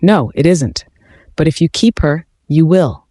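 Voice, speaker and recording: A man's voice: on the high side, expressive, measured pace, dark tone, no echo, studio quality. A man reading the lines of a mocking, unseen woman who speaks in terse, scornful commands.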